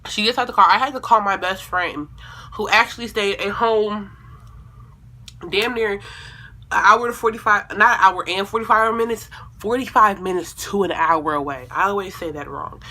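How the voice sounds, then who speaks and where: This young woman's voice is medium in pitch and her speed is normal. In her vlog she shares a personal story in an animated, casual style, full of profanity and acted-out quotes.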